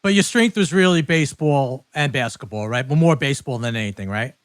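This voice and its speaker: A man interviewing his guest, prompting with questions and quick affirmations. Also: mid-range voice, no echo.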